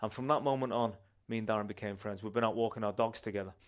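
A man, a church member giving a personal testimony in an animated, conversational way with restarts. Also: on the low side, fast talker.

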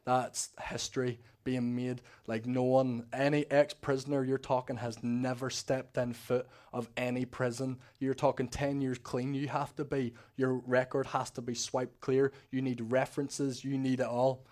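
A man's voice: mid-range voice, little pitch movement, moderate pace, few pauses, a little mellow. A man, an ex-prisoner giving an emotional, rambling faith testimony to a church congregation. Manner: rambling, emotional storytelling with restarts.

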